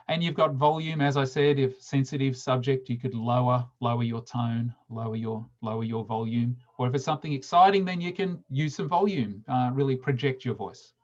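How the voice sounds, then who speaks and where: Man, mid-pitched, instructional meeting talk, halting delivery with restarts, slightly muffled recording. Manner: halting, repeats words and restarts; slows down sharply to demonstrate emphasis. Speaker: speaker giving public speaking tips.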